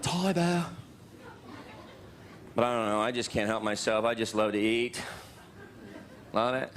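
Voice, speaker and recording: A man doing stand-up comedy on a club stage, animated and jumping into loud high voices for his bits. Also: a little slow, a little hiss or hum. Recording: live club recording with crowd laughter. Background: laughing audience.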